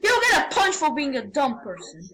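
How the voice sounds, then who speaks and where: A woman giving casual, rambling game commentary, excitable and prone to sudden yelps and shouts. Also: high-pitched, normal speed, rough recording. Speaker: gamer.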